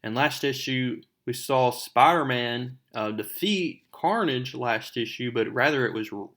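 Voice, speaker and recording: Young adult man, host, comic book recap, relaxed, chatty, middle pitch. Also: a little slow. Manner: relaxed and chatty, retells the plot with fillers.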